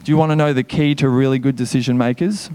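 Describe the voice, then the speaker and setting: A male pastor preaching energetically, in a casual, conversational way full of quick asides. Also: mid-range voice, steady tone, mellow. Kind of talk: sermon.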